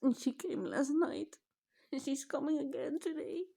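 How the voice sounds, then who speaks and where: A high-pitched, gravelly, warm voice carries this middle-aged mother's emotional vlog at a moderate pace, and she sounds animated even as she's close to crying. Her voice shakes and breaks, now and then dropping to a whisper.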